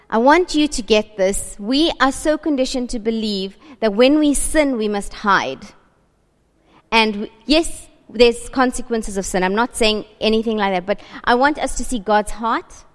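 A woman preaching a sermon, earnest and building through repeated rhetorical questions. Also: mid-range voice. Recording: long reverb of a large hall.

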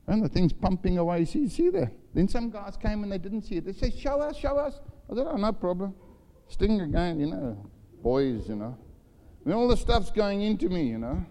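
Older guy preaching, dark mellow voice, big hall echo, tells stories with little voices. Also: fairly high pitch. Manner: storytelling, acts out voices in his anecdotes. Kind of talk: sermon. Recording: long hall reverb.

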